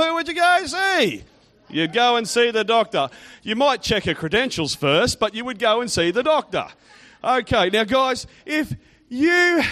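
A man's voice: high-pitched, a bit bright. A man giving a playful children's talk in church, teasing and quizzing the kids and congregation.

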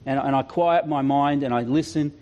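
A man preaching a sermon, telling stories with animated, self-deprecating humor and acting out voices. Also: medium pitch, normal speed, muffled recording. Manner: animated, acts out quoted voices. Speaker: pastor. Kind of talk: sermon storytelling.

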